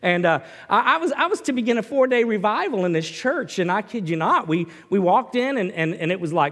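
Animated male preacher in a reverberant hall. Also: sits high, a little fast, hardly any pauses, husky. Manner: animated, swings from loud to hushed, repeats words. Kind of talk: sermon.

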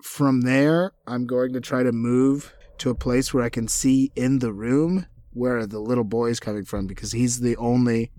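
A man playing a character in a tabletop game, relaxed and a little hesitant. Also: medium pitch, normal speed, few pauses, no room sound. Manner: relaxed, hesitant, with many ums. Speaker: player. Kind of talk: casual tabletop game play.

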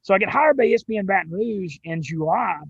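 A young man with a Southern drawl, telling his story as an interview guest in an excited, quick way with some cursing. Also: high-pitched, creaky, husky, highs cut off. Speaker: sports radio and gambling show host, guest.

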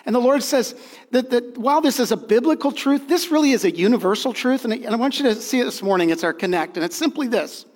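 Man, pastor, earnest emphatic sermon, repeats key lines, high voice, long hall reverb. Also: expressive, fast talker. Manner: earnest, emphatic preaching with repeated phrases and restarts.

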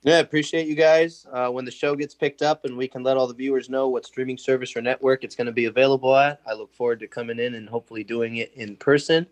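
Animated young man telling stories. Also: medium pitch, fast talker, hardly any pauses, dry recording. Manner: animated storyteller, acts out quotes, laughs often. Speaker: podcast guest. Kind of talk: casual chat.

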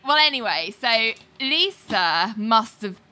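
A woman's voice: fairly high pitch, animated, measured pace, sharp tone. A woman co-hosting a casual chat, retelling a story and acting out the characters' lines with lots of fillers. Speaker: podcast co-host recapping a TV show.

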